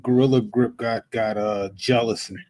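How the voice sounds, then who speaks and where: A man's voice: medium pitch, steady tone, normal speed, darkish tone, no echo, poor audio. A man commenting casually on a livestream, joking and chuckling through his remarks.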